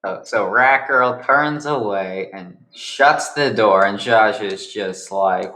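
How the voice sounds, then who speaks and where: A young man narrates an improvised story slowly, wandering off into joking asides. His voice sits a little low and has a bright, forceful tone.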